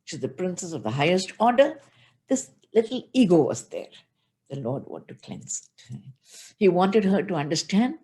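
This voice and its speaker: Indian woman giving an expressive devotional talk. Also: low-pitched. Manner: expressive storytelling, addresses listeners directly. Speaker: spiritual teacher. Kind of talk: devotional discourse.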